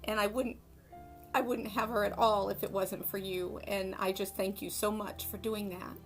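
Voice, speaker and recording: A middle-aged mother speaking emotionally on the phone, halting and full of gratitude. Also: mid-range voice, level tone, soft background music. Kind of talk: heartfelt phone message.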